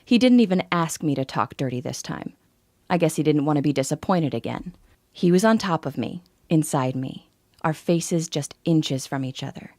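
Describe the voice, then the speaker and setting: A woman's voice: low voice, lively intonation, normal speed, darkish tone, no echo, clean studio sound. A woman in her forties narrating a scripted first-person sales story in an intimate, confiding way. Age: 40s.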